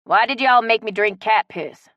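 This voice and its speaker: A woman's voice: fairly high pitch, lively intonation, moderate pace, dry recording, highs cut off, voice pushed up, natural voice. A woman voicing a blunt, skeptical older woman with a scoffing manner.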